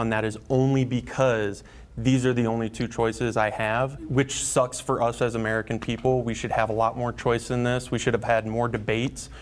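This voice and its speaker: A man's voice: mid-range voice, a little hiss or hum. A man on a debate panel, talking candidly and with frustration, with many fillers. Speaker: debate participant.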